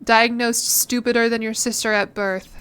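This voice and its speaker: A woman's voice: fairly high pitch, little pitch movement, normal speed, a bit bright, clear, resonant tone. A young woman in her twenties, chatting casually and rambling as a streamer while she plays, swearing now and then. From United States. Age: 20s. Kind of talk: casual chat while gaming.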